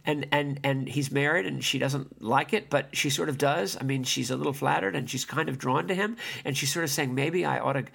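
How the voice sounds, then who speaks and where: A man's voice: medium pitch, brisk, vocal fry, few pauses, fairly bright tone, slightly rough. A man hosting a podcast, talking in a rambling monologue with many restarts and fillers. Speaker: podcast host. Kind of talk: casual spoken monologue.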